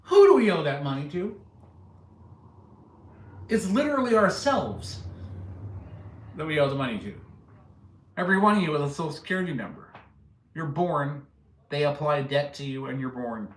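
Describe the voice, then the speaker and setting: Rambling joking man, slightly high voice. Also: animated, moderate pace, pauses often, echoey room, slight background noise. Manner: joking, rambling, laughs at own stories. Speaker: livestream host chatting with viewers. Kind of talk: casual rambling live chat.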